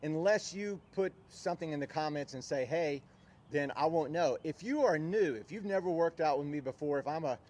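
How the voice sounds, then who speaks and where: Loud chatty man leading an outdoor workout. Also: a little high, lively intonation, moderate pace. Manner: loud drill-style counting, chatty asides. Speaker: fitness instructor. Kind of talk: live-streamed outdoor workout class. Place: outdoors on a windy day. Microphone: visor-mounted mic with fuzzy windscreen.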